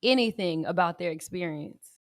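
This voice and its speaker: A woman co-hosting a podcast in casual chat, reflective and direct, chiming in with quick remarks. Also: lowish voice, animated, no echo, clean studio sound. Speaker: podcast co-host.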